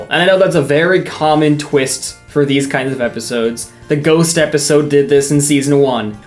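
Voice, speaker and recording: A young woman narrating a scripted recap of a TV episode with dry, sarcastic asides. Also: low-pitched. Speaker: YouTube commentator.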